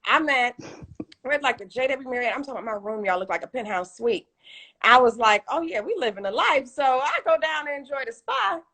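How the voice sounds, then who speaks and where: A woman from Detroit, a guest on an interview, telling a story in an animated way and acting out the voices of the people in it over a video call. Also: high voice, fairly quick. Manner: animated, acts out voices in her stories. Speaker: guest entrepreneur.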